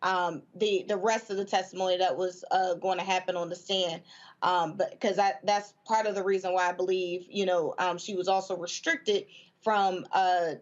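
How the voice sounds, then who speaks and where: A woman guest on a news talk panel who speaks haltingly with many fillers and restarts, with feeling. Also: lowish voice, steady tone, highs cut off. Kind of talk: news talk show discussion.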